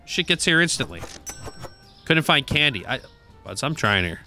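A man's voice: mid-range voice, normal speed, faint music behind. A man giving casual, joking gameplay commentary, talking to the game's characters and swearing now and then. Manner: animated, joking, swears and talks to game characters. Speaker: gaming video creator.

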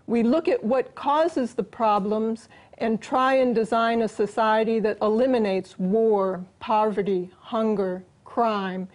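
Earnest female interview guest, explanatory, slightly high pitch. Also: slow, a little mellow. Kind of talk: interview answers.

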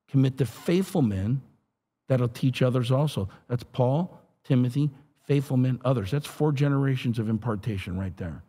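A middle-aged man, a pastor, telling his testimony in an animated, street-talking way. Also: medium pitch, moderate pace, breathy edge. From Los Angeles area. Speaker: pastor and guest. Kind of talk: storytelling testimony.

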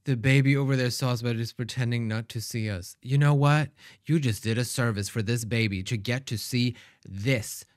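A man hosting a reaction video, talking back to the screen in a sassy, animated way. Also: mid-range voice, normal speed, no room sound. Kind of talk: casual reaction commentary.

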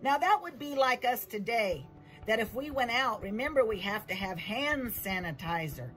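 A woman giving a children's Bible lesson as a church teacher, telling the story with slow emphasis. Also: on the high side, lively intonation, a bit bright, soft background music, rough recording.

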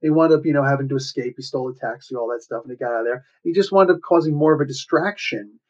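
A man talks through a comic book plot in a loose, chatty way, full of fillers and snappy quoted lines. His voice sits in a middle pitch. The recording sounds dull and lo-fi. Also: fast talker, darkish tone. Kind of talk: casual retelling of a comic story.

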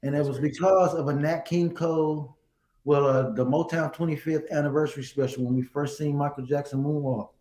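A middle-aged man, a guest singer, telling stories in a casual interview, animated and laughing. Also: on the high side, a little fast, roomy sound, low-quality recording.

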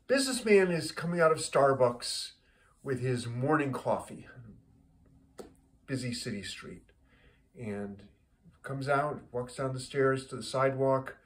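A man casually telling a joke, rambling and often repeating his words. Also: mid-range voice. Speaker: joke teller.

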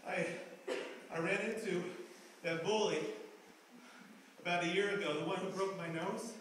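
A man performing a live stage monologue in an art gallery, halting and repeating phrases as he restarts, heard from far off in an echoey room. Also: high voice, fairly even intonation, a bit bright, slight background noise. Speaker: performance artist.

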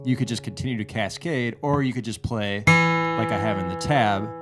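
A man teaching a guitar lesson, explaining a lick step by step in a measured way, often restarting his phrases. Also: fairly low pitch. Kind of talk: relaxed instructional explanation. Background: guitar playing.

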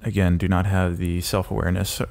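Low gravelly guy, podcast cohost, lots of ums, just chatting. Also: level tone, brisk, darkish tone. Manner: hesitant, lots of ums and restarts. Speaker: podcast co-host. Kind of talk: casual chat.

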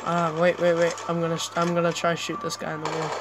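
A young man commentating his own gameplay, chatty and excitable, with sudden yelps between rambling asides. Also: a little high, fast, few pauses. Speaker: gamer. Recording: clear background noise.

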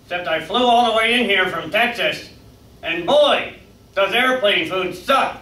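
Man doing a bright, high-ish cocky blackbird puppet, corny jokes, roomy distant sound. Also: animated, a little slow, heavily acted. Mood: joking. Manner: joke-telling, pleased with himself. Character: wisecracking talking blackbird puppet named Wallace. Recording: echoey room, distant mic.

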